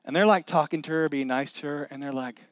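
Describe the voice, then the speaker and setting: Middle-aged guy preaching, animated, lots of restarts, dry sound. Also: on the high side, fast, dry recording. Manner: animated, acts out quoted voices, many restarts. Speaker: pastor. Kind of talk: sermon.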